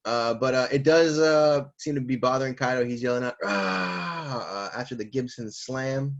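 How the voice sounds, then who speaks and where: A man co-hosting a casual chat, animated, laughing often and swearing casually. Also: mid-range voice, brisk, dull audio. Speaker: co-host.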